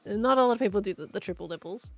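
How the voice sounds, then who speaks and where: A woman's voice: medium pitch, fast, a little mellow, breathy edge, dry recording. An Australian woman chatting casually while streaming a game and answering chat, with faint music behind her.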